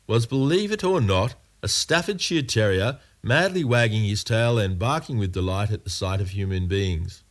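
Man storyteller, somewhat low voice, playful wry reading, scripted storybook narration.

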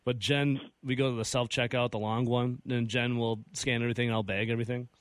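A man co-hosting sports talk radio, telling stories animatedly with quick laughs. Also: mid-range voice, little pitch movement, no room sound. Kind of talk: casual radio banter. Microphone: studio radio mic.

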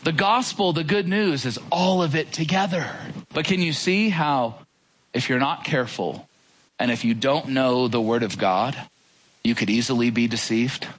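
A man preaching a casual sermon to a congregation, in a conversational, animated way with many rhetorical questions. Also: mid-range voice, normal speed.

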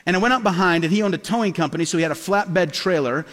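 A middle-aged man with a notably high voice preaches a storytelling sermon. He acts out the people he quotes with lively shifts. His voice rings with a long hall reverb. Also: quick pace. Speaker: pastor.

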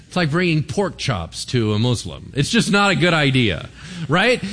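A man, a pastor, giving a conversational sermon in an animated way and often checking in with the congregation. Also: mid-range voice, a little slow, gravelly. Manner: animated, keeps asking the congregation "right?".

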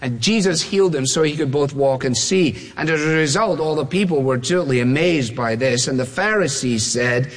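A man preaching a sermon, emphatic and repetitive, leaning on slow stressed words. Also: fairly high pitch. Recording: long reverb of a large hall.

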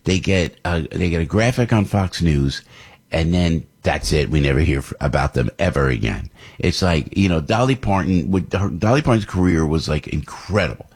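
A man hosting a radio talk show, rambling and animated, often asking rhetorical questions. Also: low-pitched, moderate pace, slightly rough. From New Jersey. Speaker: radio host.

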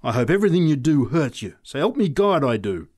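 A man voicing a fervent woman street preacher who cries out high and loud. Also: lively intonation, measured pace, no echo, clean studio sound. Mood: savage. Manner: high, loud, ecstatic crying out.

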